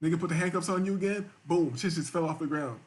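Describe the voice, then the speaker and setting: A man's voice: fairly high pitch, fast talker. A man hosting a live-stream show, reading viewer chats aloud and reacting in crude, rambling, repetitive casual talk.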